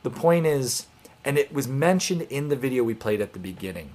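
A man's voice: mid-range voice, very animated, brisk, darkish tone. A man hosting a live online homesteading show, talking casually and earnestly to viewers with encouraging, rambling speech and restarts.

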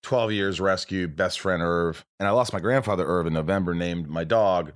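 A man's voice: sits low, smooth. A middle-aged man hosting a casual conversation, chatty and empathetic, often jumping in. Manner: chatty, empathetic, quick to jump in. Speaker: host.

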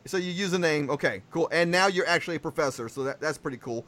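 A man's voice: on the high side, quick pace, a bit bright. A man hosting a podcast, chatting casually in a rambling, jokey way. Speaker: podcast host. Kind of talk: casual chat.

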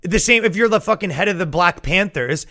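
Bright-voiced man ranting crudely. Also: high-pitched, a little fast. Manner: profane, animated, riffing. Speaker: podcast host. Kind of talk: casual comedic rant.

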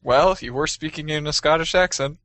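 Man, bright sharp voice, dry close sound, joking interjections. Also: a little high, a little fast, dry recording. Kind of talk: casual chat.

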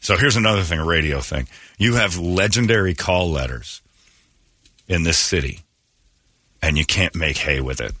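A man hosting a morning radio show, chatting casually and ranting in a mocking, animated way, often laughing. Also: low voice, moderate pace, pauses often, no echo. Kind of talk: casual on-air banter.

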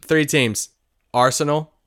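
A man co-hosting a sports podcast, talking in an animated, jokey way. His voice is bright and forceful, with a smooth, crisp clarity. The sound is dry and close, with no room echo. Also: a little high, slow. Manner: animated, jokey, teasing banter. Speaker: podcast co-host. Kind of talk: casual sports podcast chat.

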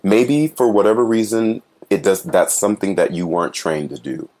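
Deep-voiced actor guy chatting about his work, earnest, thinks out loud. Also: lively intonation, normal speed. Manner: earnest, reflective, acts out little voices when telling stories. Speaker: Broadway actor guest. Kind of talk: casual interview chat.

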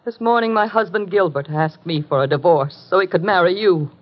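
A woman's voice: lowish voice, brisk, natural voice. An actress playing a desperate, tense middle-aged wife and mother in a 1950s radio drama, earnest and pleading. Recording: muffled 1950s radio broadcast.

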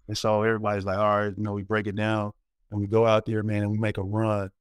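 A man in his forties spins a story with lots of fillers and sudden acted-out quotes. His voice sits low and comes through smooth and clear. The room is dry, with the mic close. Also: very fast, no room sound. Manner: animated storyteller, many fillers, acts out quotes. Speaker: former college basketball player, guest. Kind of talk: casual storytelling interview.

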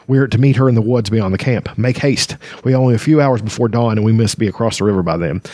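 A man's voice: lowish voice, fast, warm tone, no room sound, lightly acted. A man reading aloud and voicing a stern blacksmith who gives commands. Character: stern one-armed male blacksmith rescuer.

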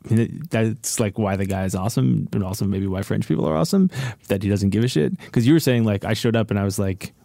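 A man hosting an interview podcast, asking relaxed, curious questions in a casual way. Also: lowish voice, fast, vocal fry, no room sound. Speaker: podcast host.

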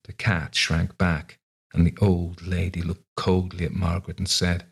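Deep husky male narrator. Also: completely flat delivery, a little slow. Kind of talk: scripted narration of a short story.

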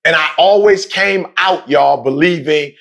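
This man recounts a personal story emphatically and with animation, leaning on slang and repetition for effect. It's passionate, conversational storytelling. He has a high-ish voice with vocal fry and an unhurried pace.

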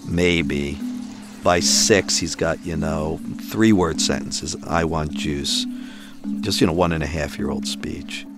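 A man's voice: extremely low pitch, a little slow, over loud music. A man recounting his family's story in an interview, acting out the dialogue as he goes. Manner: acts out quoted dialogue as he recounts events.

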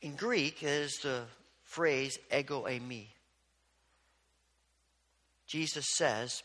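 A man's voice: mid-range voice, drawn-out words, pauses often, pushed and bright, in a large hall. A male pastor preaching a sermon, a storyteller who acts out the exchanges he retells.

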